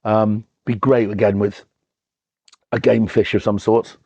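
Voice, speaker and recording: A man's voice: on the low side, little pitch movement, measured pace, darkish tone, dry recording, muffled recording. A man hosts a casual wine tasting, talking enthusiastically with lots of ums and restarts. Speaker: wine reviewer and show host.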